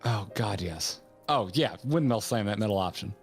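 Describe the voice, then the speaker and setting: A man's voice: lowish voice, expressive, normal speed, soft background music. A man co-hosting a game stream, chatting casually, curious and a bit hesitant. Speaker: co-host.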